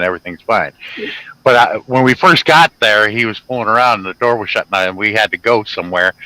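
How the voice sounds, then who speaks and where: Bright-voiced man telling anecdotes. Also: lowish voice, dry recording, low-quality recording. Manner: storytelling, laughs often. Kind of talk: casual chat.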